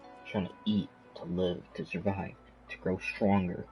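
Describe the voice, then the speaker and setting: A young male streamer chatting casually, sniffling and eating as he plays. His voice sits low and comes through a dull, lo-fi mic. Faint game music plays underneath. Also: flat delivery, unhurried. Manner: rambling, sniffling, talks while eating. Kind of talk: casual gaming commentary.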